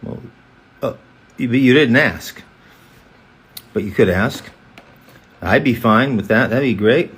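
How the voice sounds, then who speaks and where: A man's voice: mid-range voice, a bit bright, husky. A man chatting casually on a live stream, reading fan comments aloud and answering them one by one. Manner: reads comments aloud, answers chattily, breaks into quick character voices. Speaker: voice actor hosting a live fan Q&A.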